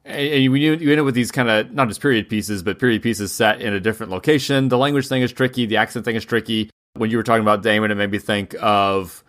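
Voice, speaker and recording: A man co-hosting a film podcast in casual chat, rambling with frequent restarts and quick laughs. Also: on the low side, a bit bright. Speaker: podcast co-host.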